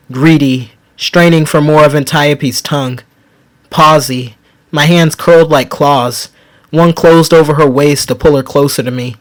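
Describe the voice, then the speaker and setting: A man narrating a story in the first person, in a measured and intimate manner. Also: fairly high pitch, poor audio. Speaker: audiobook narrator.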